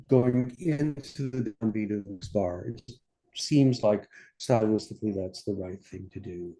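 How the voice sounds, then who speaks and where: An older American man with a mellow, mid-range voice leads a score-study masterclass as its conductor. Between explanations he scats orchestral lines, speaking unhurriedly and thinking aloud with fillers.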